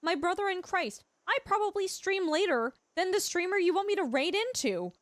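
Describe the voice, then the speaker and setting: A woman's voice: extremely high pitch, animated, normal speed, no room sound, studio quality. A woman streamer chatting casually while gaming, telling rambling stories and laughing often. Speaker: Twitch streamer.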